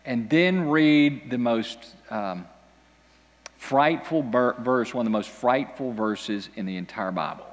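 A man preaching a sermon to a congregation, telling a scripture story with animated, dramatic delivery and big swings in pitch. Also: slow pace, long reverb tail. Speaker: pastor. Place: church hall with an audience.

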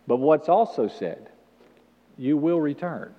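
Animated male pastor preaching. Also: mid-range voice, moderate pace. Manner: animated, call-and-response preaching. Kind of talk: sermon. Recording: dull sound with long hall reverb.

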